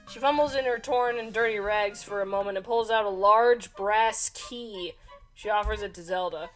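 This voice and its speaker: A woman's voice: medium pitch, normal speed, soft background music. A woman running a gamebook adventure as game master, reading aloud casually and laughing between lines.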